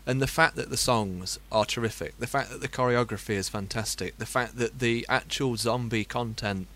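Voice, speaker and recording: A man's voice: mid-range voice, normal speed, fairly bright tone. A man hosting a podcast in casual chat, emphatic and stacking up points. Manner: emphatic, builds lists of points. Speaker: podcast host.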